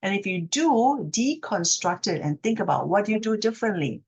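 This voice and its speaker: A woman speech therapist with a husky, animated, medium-pitched voice gives an instructional talk to camera. She explains a technique patiently, checks in with her listener, and acts out example phrases slowly with exaggerated inflection.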